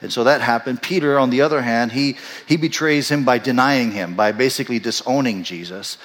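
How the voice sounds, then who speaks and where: A male pastor preaching a sermon, telling the story in an animated way and acting out the quoted voices, then dropping soft and low for reflective moments. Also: fairly quick. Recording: long hall reverb.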